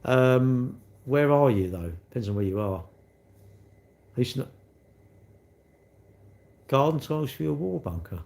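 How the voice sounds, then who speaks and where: A man's voice: mid-range voice, animated, a little slow, vocal fry, pauses often, a little mellow. A man, chatting casually on a live stream and answering his chat with cheeky, rambling banter. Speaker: livestreamer reading chat.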